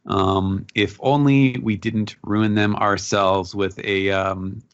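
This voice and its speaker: A man co-hosting a podcast, recapping a manga chapter in a halting, casual way with lots of fillers. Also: fairly low pitch, fairly even intonation, no echo, lo-fi sound. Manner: halting, many fillers and restarts. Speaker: podcast co-host.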